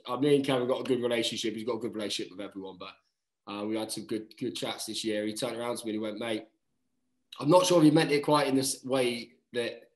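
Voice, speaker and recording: A man in his thirties tells stories in casual podcast chat. He is animated, swears freely and calls everyone "mate." His voice sits at an ordinary pitch, and the room around him is noticeably roomy. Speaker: guest, rugby player. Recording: roomy echo.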